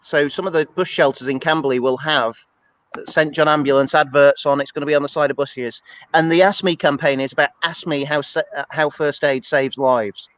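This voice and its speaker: A man chatting casually on a church's weekly show, rambling from one thought to the next with a self-deprecating touch. His voice sits a little high for a man. The sound is dry and close, with no room echo. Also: steady tone, a little fast, a bit bright. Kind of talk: casual chat.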